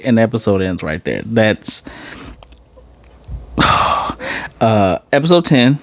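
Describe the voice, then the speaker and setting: A man casually recapping and reviewing an anime episode, excitable and animated, often jumping into high-pitched voices to retell scenes. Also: drawn-out words, pauses often, no room sound. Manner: excitable, laughing reactions, restarts.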